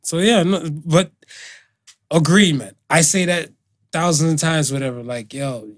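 A man's voice: on the high side, measured pace. A man co-hosting a podcast, talking in loose, profane, slangy chat and laughing often. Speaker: podcast co-host. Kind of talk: casual chat.

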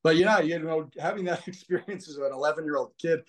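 A man, a podcast guest, telling stories in a rambling, animated way full of fillers. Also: on the high side, fast talker. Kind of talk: casual storytelling conversation.

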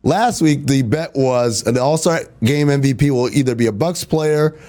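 A man's voice: mid-range voice, moderate pace, dark tone. A man hosting a sports talk show, laying out playful bets and teasing his co-host. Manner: playful, teasing, laughs often. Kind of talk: casual sports talk banter.

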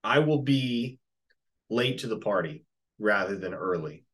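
A man co-hosting a casual sports chat, skeptical and measured as he breaks down the game. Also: fairly low pitch, animated, fairly bright tone. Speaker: sports podcast co-host.

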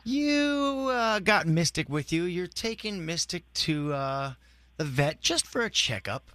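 A man co-hosting a morning radio call-in show, animated and playing out scenarios for callers. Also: on the high side, measured pace, no echo. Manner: animated, plays out scenarios in quoted voices.

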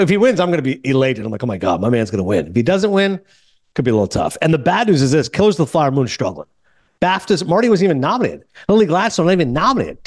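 A man hosting a casual movie podcast, telling stories quickly and acting out the people he quotes. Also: fairly high pitch, dry recording, clean studio sound. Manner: fast, animated storytelling with quoted voices. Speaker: podcast host.

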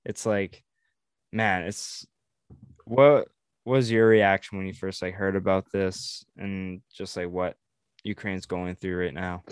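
Brief: male co-host, resonant low voice, casual and earnest. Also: fairly even intonation, slow pace, clean tone, no echo, clean studio sound. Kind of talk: casual chat.

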